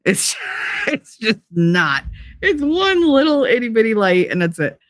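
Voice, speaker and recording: A woman's voice: fairly high pitch, very animated, a little slow, no echo. A woman hosting a casual chat show, telling stories bluntly with frequent swearing and laughter. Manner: blunt, profane, laughs often. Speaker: host.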